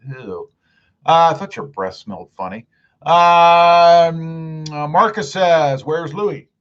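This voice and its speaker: Middle-aged man, live stream host, upbeat and friendly, slightly high voice, a bit dull lo-fi audio. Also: animated, takes it slowly, a bit bright. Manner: upbeat, friendly, calls viewers buddy and man. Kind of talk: casual live stream chat, reading comments aloud.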